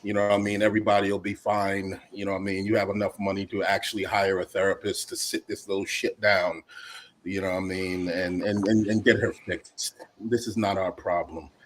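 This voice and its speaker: A man giving animated, profane commentary as a panelist in a casual chat. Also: sits low, fairly quick, a little hiss or hum, low-quality recording. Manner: animated and profane, with repeated restarts.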